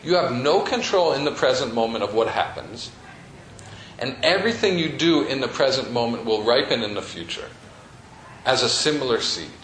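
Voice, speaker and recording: A man leads a meditation class in a studio, talking casually to the group with many fillers. His pitch moves up and down a lot. The room is echoey, with faint ambience behind him. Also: expressive, normal speed, fairly bright tone, slight background noise. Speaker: meditation teacher. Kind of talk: teaching a class.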